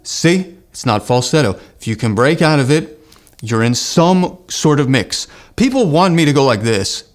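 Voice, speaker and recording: A man's voice: medium pitch, very animated, normal speed. A man, teaching an online singing lesson in an earnest, encouraging way. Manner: earnest, encouraging, breaks into sung exercise demos. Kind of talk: online vocal lesson with sung demonstrations.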